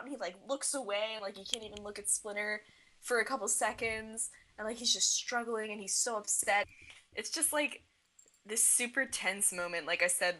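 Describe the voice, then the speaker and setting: Gushing bright-voiced young woman. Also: medium pitch, low-quality recording. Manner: gushing, emotional, fillers of "like". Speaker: podcast co-host. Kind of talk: casual fan podcast chat.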